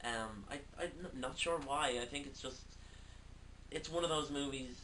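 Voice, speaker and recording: A man's voice: medium pitch, normal speed, pushed and bright. A man giving a casual video film review, talking hesitantly with many fillers. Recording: distant mic, faint background noise.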